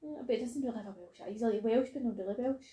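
A woman's voice: on the high side, very fast, dark tone, echoey room, poor audio. A woman in casual podcast chat who laughs often and acts out quotes.

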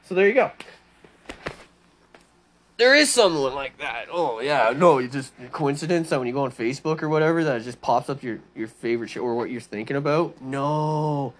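A man's voice: mid-range voice, moderate pace. A man ranting in a rambling monologue, swearing constantly and mocking people with heavy sarcasm. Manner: rambling, animated storytelling. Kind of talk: profane monologue rant.

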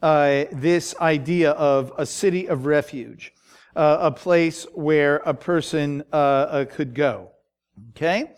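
High, slow, halting male Bible teacher. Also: clear, resonant tone. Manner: halting, many fillers, checks in with "okay?". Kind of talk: Bible study lecture.

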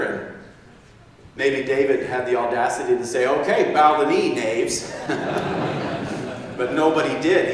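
A man's voice: medium pitch, slight background noise. A man preaching a sermon, telling a story with acted-out quotes and frequent chuckles. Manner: animated, acts out quotes, chuckles often. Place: large echoey hall. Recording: distant mic in echoey hall.

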